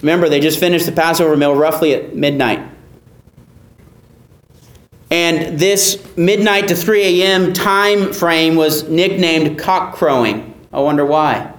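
A man delivers an expository sermon in an earnest, emphatic manner. His voice sits high for a man. He repeats key phrases for emphasis, and the sound carries a roomy echo. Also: fairly even intonation, moderate pace, hardly any pauses. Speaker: pastor.

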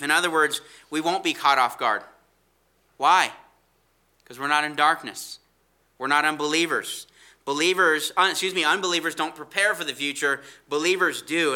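A man preaching an expository sermon as a Bible teacher, slowing down to stress scripture quotes and asking rhetorical questions. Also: on the high side, bright, forceful tone.

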